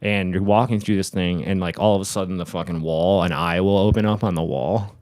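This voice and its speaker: A man's voice: deep voice, steady tone, a little fast, a little mellow, dry recording. A young man on a podcast telling a long story in casual chat, rambling with many restarts and fillers and laughing at himself. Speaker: podcast host.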